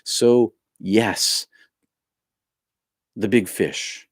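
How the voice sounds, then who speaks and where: Man, deep low voice, dry close sound, rambling reflective spiritual talk, halting restarts. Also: no room sound. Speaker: spiritual leader reading viewer comments. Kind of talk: casual live-stream talk.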